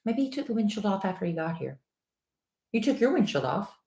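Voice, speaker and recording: A woman's voice: medium pitch, big pitch swings, brisk, darkish tone. A middle-aged woman co-hosting a podcast, chatting casually and teasing her co-host in a playful way. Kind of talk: casual chat. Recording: roomy echo.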